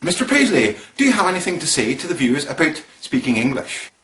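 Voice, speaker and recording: A man's voice: fairly high pitch, big pitch swings, fast talker, a bit bright, reverberant. A man doing a drawling Northern Irish reporter. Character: older male political correspondent, dry drawl.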